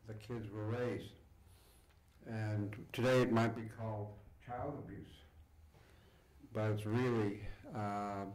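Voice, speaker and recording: Older man, acceptance speech, slow reflective storytelling, lowish voice, speaking to a live audience. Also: darkish tone, rough recording. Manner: unhurried, reflective storytelling with pauses. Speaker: award recipient giving a speech. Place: event hall before an audience.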